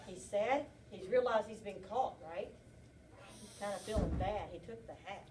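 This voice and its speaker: A kindergarten teacher reading a picture book aloud to young children, asking them lots of animated, coaxing questions in a classroom. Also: female voice, medium pitch, moderate pace, far from the mic, slight background noise.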